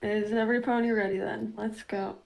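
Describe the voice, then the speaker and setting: A woman's voice: medium pitch, flat delivery, brisk, vocal fry, rough recording. A woman acting as game master, chatting with players and then narrating a recap of the story. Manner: playful, laughing, casual cursing.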